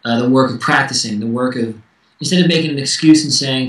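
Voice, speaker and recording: A man's voice: medium pitch, fast, fairly bright tone, roomy sound, recorded from a distance, rough recording. A man in his thirties, a musician guest speaking candidly and acting out quoted dialogue in casual interview chat.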